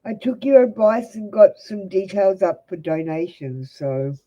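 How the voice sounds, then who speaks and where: A woman's voice: medium pitch, lively intonation, measured pace, warm tone, muffled recording. Blunt Australian woman reading tarot. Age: young adult. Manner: blunt, direct advice to viewers. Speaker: tarot reader. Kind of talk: live-stream tarot reading.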